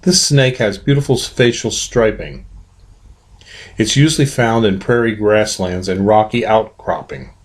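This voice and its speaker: A man's voice: fairly low pitch, unhurried. A man giving scripted narration with plain, slightly folksy delivery.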